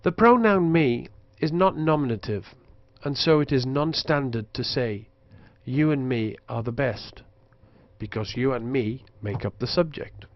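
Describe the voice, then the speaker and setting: A man narrating a linguistics lesson in a measured, scripted way, slowing down to demonstrate pronunciations. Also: mid-range voice, animated, no room sound, highs cut off. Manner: slow careful demonstrations of pronunciation. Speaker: lecturer.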